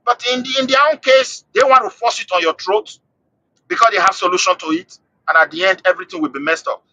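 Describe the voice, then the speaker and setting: A man's voice: high voice, fast, sharp tone, no echo, dull audio. A man from Nigeria, calling into a live show to deliver impassioned political commentary. He talks emphatically, often repeating and restarting phrases as he builds his point. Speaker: call-in guest.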